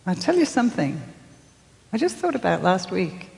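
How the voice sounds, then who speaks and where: An older woman giving a sermon, telling her story softly with dramatic pauses and acting out the voices she quotes. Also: medium pitch, big pitch swings, vocal fry, in a large hall. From England. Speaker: speaker.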